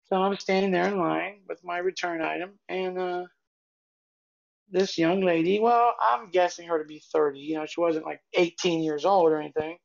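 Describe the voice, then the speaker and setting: An older woman co-hosting a podcast tells a story in a chatty, meandering way, restarting her sentences as she goes. Her voice has a gravelly, fry-tinged texture. The sound comes through a dull, muffled live-stream feed. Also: fairly low pitch, fairly even intonation, moderate pace. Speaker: podcast co-host. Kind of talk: casual storytelling chat.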